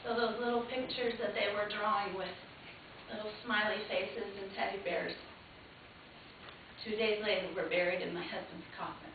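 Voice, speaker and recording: A woman performing an emotional, dramatic monologue, her loudness swinging sharply from hushed to loud. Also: mid-range voice, flat delivery, moderate pace, noisy background. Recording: echoey hall heard from far, tinny lo-fi camcorder sound.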